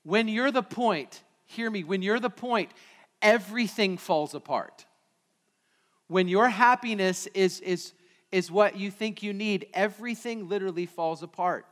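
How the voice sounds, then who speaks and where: Pastor guy preaching, higher voice, gets loud and punchy, big echoey church. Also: a little slow. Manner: builds from quiet prayer to loud, emphatic preaching. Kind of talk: sermon. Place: church sanctuary. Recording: long hall reverb.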